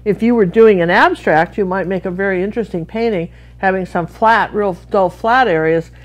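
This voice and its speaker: A woman's voice: mid-range voice, moderate pace. Middle-aged american lady from washington state doing a live painting tutorial, chatty, wanders off on friendly tangents. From Washington State, USA. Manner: chatty, rambling with friendly asides. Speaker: art instructor.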